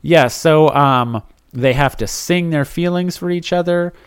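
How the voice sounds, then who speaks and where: A man's voice: a little high, measured pace, clean tone. A man co-hosting a podcast, recapping an episode in casual chat, joking and laughing often. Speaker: podcast co-host.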